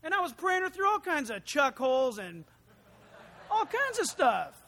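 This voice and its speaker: A man preaching a sermon as pastor, animated, swinging from quiet asides to loud emphatic lines. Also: extremely high pitch, normal speed.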